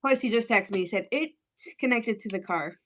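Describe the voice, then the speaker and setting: A woman's voice: medium pitch, fairly quick, crowd noise. A woman chatting casually while she sews in her garage workroom, rambling with many fillers. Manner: rambling, filler-heavy, forgetful. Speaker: guest sewist. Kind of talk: casual chat while sewing.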